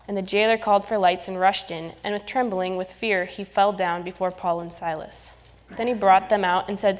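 A woman reading a Bible passage aloud in church, steady and measured. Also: mid-range voice. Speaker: scripture reader. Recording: long reverb in a church hall.

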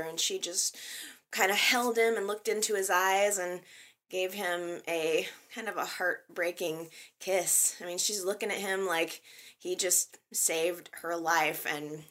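A woman hosting a soap opera recap show, talking in an excitable, gushing fan manner with many fillers. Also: medium pitch. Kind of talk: casual recap commentary.

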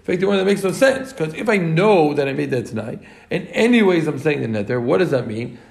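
Man teaching a talmud class, high voice, gravelly, animated and repetitive. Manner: animated, quick, repeats and explains to students.

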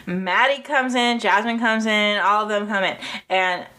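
A woman casually chatting as podcast co-host, telling a story with lively acted-out quotes, frequent laughter and swearing. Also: medium pitch, a little slow. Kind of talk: casual chat recapping a TV episode.

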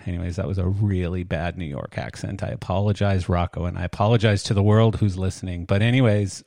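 A man's voice: on the low side, a little mellow, no echo, clean studio sound. An older man hosting a podcast in a rambling, self-deprecating, chatty way. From Canada. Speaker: podcast host. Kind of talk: casual podcast chat.

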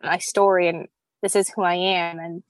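A woman's voice: on the low side, little pitch movement, normal speed, no room sound. Valley-girl-talking young woman, dry sound. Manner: valley girl talk, lots of "like" and "you know". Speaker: guest, skincare founder. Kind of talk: casual podcast interview.

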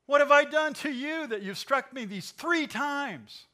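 A man's voice: expressive, unhurried, bright, forceful tone, heavily acted. A man voicing an indignant talking she-donkey protesting that she has been beaten. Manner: high, exclaiming protest.

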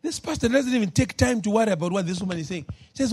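High-pitched husky preaching man. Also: lively intonation, fast talker, few pauses. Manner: swings between loud shouted preaching and low quiet asides. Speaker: pastor. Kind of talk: sermon.

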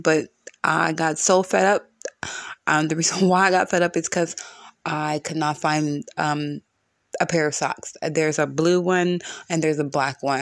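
Gravelly low-voiced woman ranting on her podcast, cusses a lot, dry close sound. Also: no room sound. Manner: blunt, frequent cursing, frustrated ranting. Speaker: podcast host. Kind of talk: solo venting podcast. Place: her room at home.

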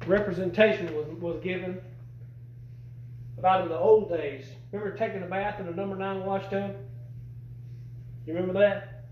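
A man's voice: sits high, steady tone, moderate pace, pauses often, roomy sound, lo-fi sound, slight background noise. A man preaching a sermon, folksy and conversational, asking the congregation questions as he goes. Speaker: pastor.

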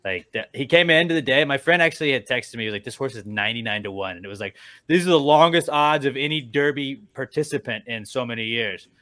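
A man with a bright, forceful voice chats casually as a podcast host. He tells animated stories, swears freely and slips into quick impressions of the people he quotes. His pitch sits in the ordinary middle. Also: no echo, studio quality. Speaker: radio morning show host.

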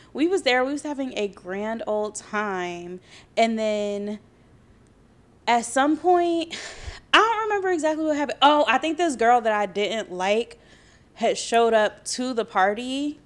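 A young adult woman in casual chat, telling her own story in a relaxed, laid-back way. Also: mid-range voice, unhurried, clean tone.

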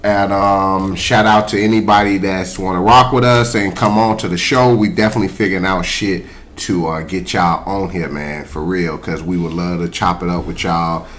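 A man's voice: low-pitched, steady tone, normal speed, a bit bright, slight background noise. A man co-hosting a podcast in casual chat, profane and joking, laughing often. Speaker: podcast co-host.

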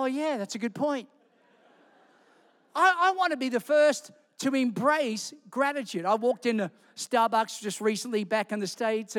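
A man preaching a sermon as a guest pastor, telling stories with humor and lively delivery. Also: high-pitched, in a large hall. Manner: animated storytelling with humor. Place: large church hall.

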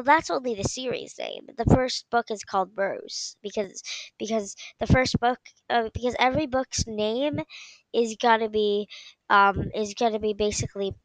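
A woman's voice: fairly high pitch, a bit bright, no echo, low-quality recording. Giggly, rambling woman podcast host. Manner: giggly, trails off with "blah, blah, blah". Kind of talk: casual rambling chat.

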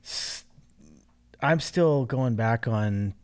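Man chiming in with quick agreement. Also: medium pitch, expressive, a little mellow. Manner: brief agreeing interjections. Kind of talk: casual chat.

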